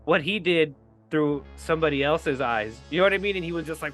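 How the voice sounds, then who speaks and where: A man co-hosting a podcast, retelling horror film scenes in animated, heavily profane casual chat. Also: on the high side, a little fast, soft background music. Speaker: podcast co-host.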